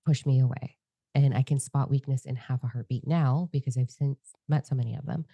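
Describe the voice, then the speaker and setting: This is a woman with a very low, dark voice who talks fast and swears freely in open podcast chat. She speaks as if nothing gets filtered on its way out. The sound is dry and close. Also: fairly even intonation, vocal fry, dry recording. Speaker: podcast co-host and psychic medium. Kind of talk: candid casual conversation.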